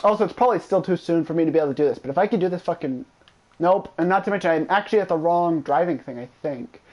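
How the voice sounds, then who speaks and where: A fast-talking man with a fairly high pitch is streaming a video game. Lots of swearing fills his casual chat as he trash-talks a friend, the excitable, profane tone running through his gameplay commentary.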